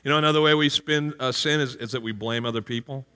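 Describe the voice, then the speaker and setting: A middle-aged man preaching a sermon with lively, comic acted-out stories, jumping into playful character voices. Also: on the high side, fairly quick, hardly any pauses, smooth. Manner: animated, jumps into playful character voices and exclamations. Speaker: pastor. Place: large church hall. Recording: live sermon with long hall reverb.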